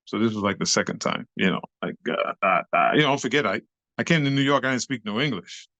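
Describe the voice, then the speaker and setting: Older man, gravelly, dry close sound, animated street-slang storyteller. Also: on the low side, quick pace, dry recording. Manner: lively, acts out other voices, street slang and cursing. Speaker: interview guest, nightclub dancer.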